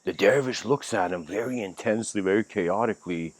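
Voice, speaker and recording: A man's voice: low voice, a little fast, no echo. A man giving a casual livestreamed spiritual lecture, telling a story in a rambling way with many fillers and restarts. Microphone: home livestream mic.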